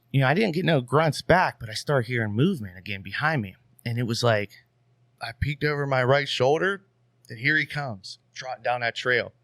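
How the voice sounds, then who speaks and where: A man in a mid-range voice tells a story as a podcast guest, loose and animated, with casual swearing and a habit of checking in with "you know what I mean." The sound is close and dry, with no room echo. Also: mid-range voice.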